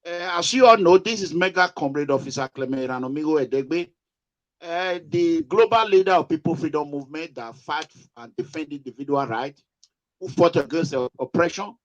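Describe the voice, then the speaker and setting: A man's voice: fairly high pitch, animated, normal speed, highs cut off. A man with a Nigerian accent hosting an online talk for an activist group, hesitant and full of "uh" fillers. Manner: hesitant, heavy use of "uh" fillers.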